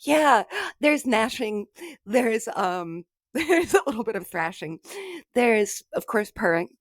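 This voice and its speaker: A woman's voice: a little high, lively intonation, slow pace, no room sound. A woman co-hosting a podcast in casual chat, telling stories with frequent giggles. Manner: giggly, self-amused storytelling. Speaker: podcast co-host.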